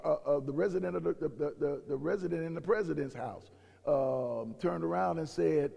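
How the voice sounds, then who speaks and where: A man's voice: fairly high pitch, gravelly, dark tone, slightly rough. A male pastor preaching a sermon, building in intensity and voicing the people he quotes. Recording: long reverb of a large hall.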